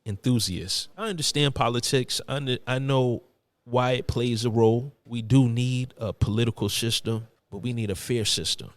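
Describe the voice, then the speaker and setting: A man's voice: lowish voice, dry recording. A man from Brooklyn who is a podcast guest, telling stories in a casual interview and acting out what his friends said. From Brooklyn, New York. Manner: storytelling with frequent quoted voices.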